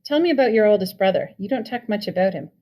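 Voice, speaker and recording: A woman's voice: mid-range voice, animated, fast talker, muffled recording, lightly acted. A woman voicing a confident teenage girl who speaks pointedly and firmly.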